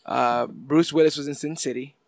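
A man's voice: medium pitch, steady tone, normal speed, vocal fry, no echo. A man co-hosting a casual chat, talking at length about movie and TV news in a chatty, upbeat way. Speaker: podcast co-host.

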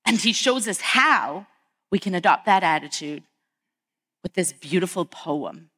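A woman's voice: fairly low pitch, expressive, measured pace, pushed and bright. A middle-aged woman pastor giving a conversational sermon, telling family stories and acting out the voices of the people in them. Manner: storytelling, acts out quoted family voices.

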